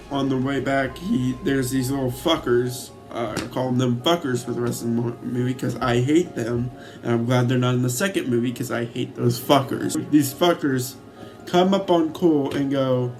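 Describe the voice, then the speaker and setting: A man's voice: medium pitch, normal speed, darkish tone, faint music behind. A man casually recapping a movie he loves, rambling with many fillers and swearing freely. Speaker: YouTuber reviewing a movie.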